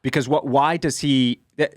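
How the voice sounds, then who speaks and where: A man co-hosting a podcast in casual chat, halting and agreeable, restarting his sentences often. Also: mid-range voice, steady tone, no echo, clean studio sound. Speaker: podcast co-host.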